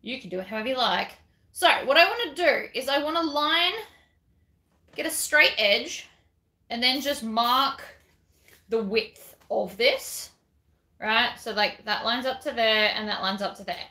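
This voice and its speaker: A woman's voice: fairly high pitch, expressive, measured pace, bright, forceful tone, reverberant. A woman giving a chatty, self-deprecating craft tutorial while she works.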